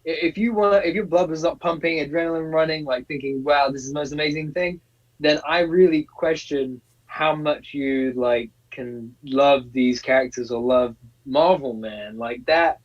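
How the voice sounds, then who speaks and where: A man co-hosting a casual live-stream chat, gushing and excitable, tripping over and repeating his words. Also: fairly high pitch, a little slow, hardly any pauses. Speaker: co-host. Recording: distant, muffled call audio.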